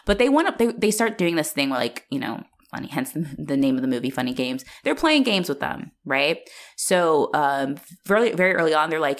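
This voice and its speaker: Woman w a low voice talking movies casually, lots of "like"s, animated. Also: a little fast. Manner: chatty, frequent "like" fillers, animated retelling. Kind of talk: casual film discussion.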